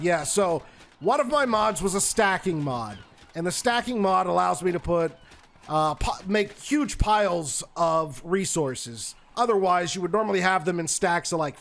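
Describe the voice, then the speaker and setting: A man giving animated, exasperated commentary while he plays a survival game, often talking straight to the game itself. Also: sits high, moderate pace. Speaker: gaming YouTuber.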